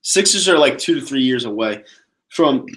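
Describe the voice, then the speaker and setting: A man hosts a casual solo sports podcast and answers viewer questions. He talks bluntly, swears freely and rants with animated energy. His voice sits at an average pitch for a man. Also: moderate pace. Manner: blunt, profane, animated ranting.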